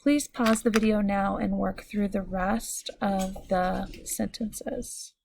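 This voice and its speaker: A woman teacher giving a recorded phonics lesson, speaking slowly and clearly as she walks students through each step. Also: medium pitch, steady tone, darkish tone, a little hiss or hum. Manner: slow, clear, instructive.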